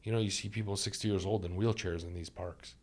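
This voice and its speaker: A man with a low, deep voice speaks as a podcast guest, talking through life lessons in an earnest, reflective way. He leans on repeated phrases to drive a point home. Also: fairly even intonation, fast talker. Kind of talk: reflective conversational storytelling.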